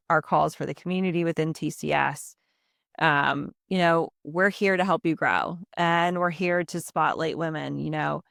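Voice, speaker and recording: A woman hosting a podcast, her voice sitting low with a gravelly edge. She chats casually and loosely, leaning on fillers and little asides. The sound is close and dry. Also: no room sound. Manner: chatty, many fillers and you-knows. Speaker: podcast host. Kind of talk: casual interview chat.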